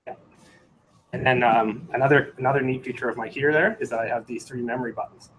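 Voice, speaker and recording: A man's voice: medium pitch, steady tone, fast, a bit bright, a little hiss or hum, poor audio. Rambling man giving a hands-on tech talk. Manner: rambling, many fillers and self-corrections, sings out Morse rhythms. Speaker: meetup presenter. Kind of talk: casual technical talk with live demo. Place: meetup room.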